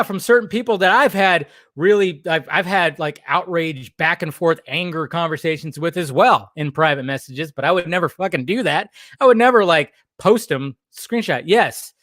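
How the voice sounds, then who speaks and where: A young man hosting a live stream in a somewhat high voice, ranting in a heated, rambling way that is full of restarts and swearing. The sound is close and dry, with no room around it. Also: fairly bright tone, no echo. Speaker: host.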